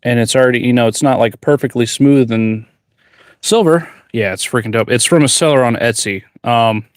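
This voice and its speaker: Man, blacksmith streamer. Casual, rambling chat at a mid-range pitch, with a dry close sound. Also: normal speed, no echo. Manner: laid-back, rambling, reads viewer questions aloud. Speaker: blacksmith livestreamer. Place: forge workshop.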